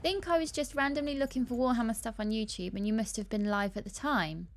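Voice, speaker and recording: Chatty woman with a higher voice. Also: soft background music. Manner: chatty, reads out chat messages, quick to laugh. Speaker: livestream co-host. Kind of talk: casual livestream chat.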